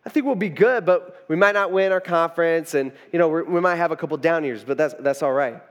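A man's voice: fairly high pitch, a little fast, big-room sound. A man preaching a sermon in a loose, conversational way, full of informal asides and restarts. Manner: informal, rambling with frequent "you know" asides. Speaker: pastor.

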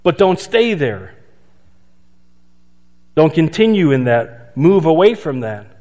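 Man, pastor, conversational sermon, rhetorical questions, slightly high voice, long hall reverb. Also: very animated, warm tone, lo-fi sound. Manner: conversational preaching, rhetorical questions, slows for emphasis.

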